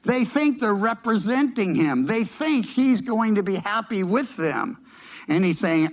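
Earnest preacher with conversational delivery. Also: male voice, sits high, lively intonation, unhurried, rough recording. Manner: conversational, with frequent restarts and filler words; earnest, explaining scripture with emphatic repetition. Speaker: pastor. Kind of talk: sermon.

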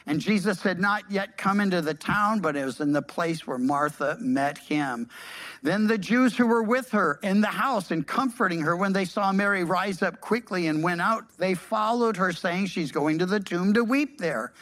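A pastor delivering a sermon in a mid-range voice, reading scripture aloud and then stepping out of the text. The asides are lively and slangy, addressed straight to the listeners. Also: medium pitch, moderate pace.

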